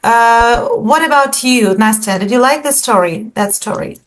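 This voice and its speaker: A woman's voice: on the high side, normal speed, a bit bright. A woman teaching an English lesson over a video call, patiently asking her students questions and encouraging them.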